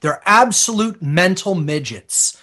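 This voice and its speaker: A man speaking as a guest on a talk radio show, ranting forcefully and emphatically. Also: sits high, expressive, takes it slowly.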